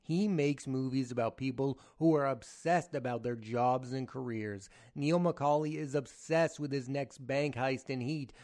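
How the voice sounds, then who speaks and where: A man's voice: medium pitch, unhurried, few pauses, darkish tone. Opinionated man chatting about films. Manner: candid, conversational, strongly opinionated. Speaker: podcast host, film critic. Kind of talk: opinionated film podcast talk.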